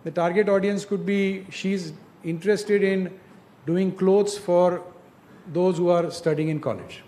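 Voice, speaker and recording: High-voiced man coaching students. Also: steady tone, a little slow, dark tone. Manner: direct, coaching, asks rhetorical questions. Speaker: industry speaker mentoring students. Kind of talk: informal advice talk to students.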